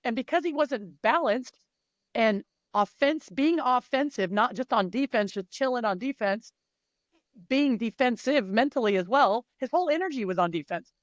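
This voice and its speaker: A woman mindset and performance coach talking as an interview guest, emphatic and animated, swearing freely and acting out the voices of the athletes she coaches. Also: on the high side, normal speed, no echo, clean studio sound.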